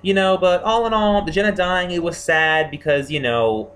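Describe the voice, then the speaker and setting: Excitable man gushing in a casual review. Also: high-pitched, normal speed. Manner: excitable and gushing, many fillers and restarts. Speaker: TV series reviewer.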